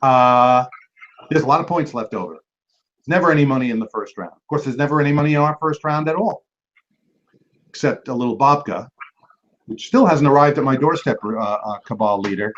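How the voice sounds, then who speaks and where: A man hosting a trivia match, reading each clue and then repeating it slowly, with quick joking asides to the teams. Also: mid-range voice, fairly bright tone, a little hiss or hum. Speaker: trivia quizmaster. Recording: dull lo-fi recording.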